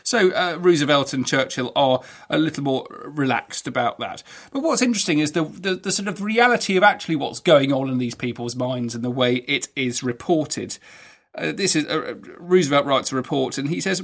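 A man hosting a history podcast, explaining events in an enthusiastic, conversational way with frequent halting restarts. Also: fairly high pitch, animated, fairly bright tone. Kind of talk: educational podcast narration.

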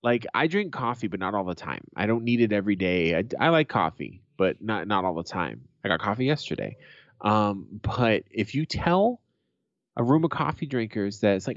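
A man's voice: on the low side, big pitch swings, brisk, no room sound, dull audio. A man co-hosting a podcast in casual chat, blunt and sweary, ranting with a laugh. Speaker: podcast co-host.

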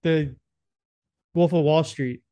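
A man's voice: on the high side, steady tone, slow, warm tone. A young man co-hosting a podcast, crude and profane, often stumbling over his words. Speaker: podcast co-host. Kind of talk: casual chat.

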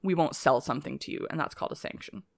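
Low-voiced woman explaining. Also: very fast, creaky, dry recording, studio quality. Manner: steady, explanatory, reading prepared notes with asides. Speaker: podcast co-host. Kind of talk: casual podcast chat, explaining from notes.

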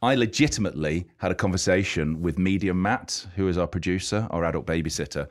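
A middle-aged man co-hosting a podcast in casual chat, playful and teasing. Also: sits low. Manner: playful, teasing, fast-talking. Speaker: podcast co-host.

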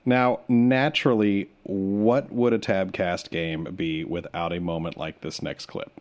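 A man's voice: low-pitched, measured pace. A young man hosting a board game podcast, chatting casually and teasing the other players as he explains the rules. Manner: animated, laughing, teasing. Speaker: podcast host.

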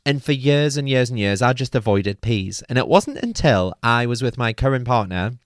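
A man's voice: medium pitch, animated, normal speed, dry recording, studio quality. Chatty man telling a funny story. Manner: chatty, swearing, acts out his own panicked quotes. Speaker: podcast host. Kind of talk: comic personal storytelling.

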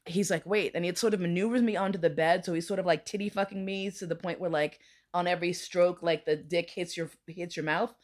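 Casting: woman, lower register, lively raconteur who swears and acts out everyone's lines. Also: a little fast. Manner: animated, acts out voices in quotes, swears freely. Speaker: podcast guest. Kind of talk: casual storytelling chat.

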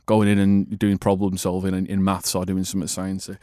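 A man's voice: deep voice, monotone, fairly quick, darkish tone, dry recording, clean studio sound. A man, co-hosting a podcast and telling joking stories in casual chat. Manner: chatty, joking storyteller. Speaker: podcast co-host.

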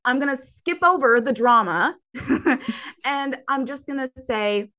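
A woman coach talking casually in an interview, animated and laughing often. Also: high voice, a little slow. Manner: animated, laughs often, acts out her own past voice.

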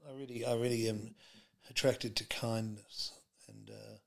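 A man's voice: fairly low pitch, level tone, measured pace, creaky. A middle-aged man, a comedian telling stories as a podcast guest in a rambling way, full of fillers and restarts. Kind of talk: casual interview chat.

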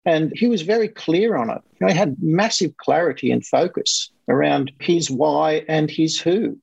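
A man tells a story in an animated, conversational way, slipping into livelier voices when he quotes other people. His voice is gravelly and a bit husky, sits a touch higher than most men's, and sounds dull and lo-fi. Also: moderate pace, no room sound. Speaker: guest coach.

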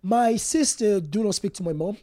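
A young man telling a personal story as an interview guest, rambling and halting with many fillers and restarts. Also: high-pitched, warm tone, no room sound, clean studio sound. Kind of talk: casual interview talk.

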